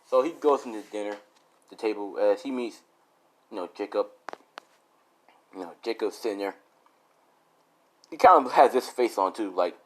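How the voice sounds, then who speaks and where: A man's voice: fairly low pitch, normal speed, long pauses, poor audio. A man telling a fan story off the cuff, rambling with lots of fillers and offhand swearing. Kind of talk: casual spoken fan story.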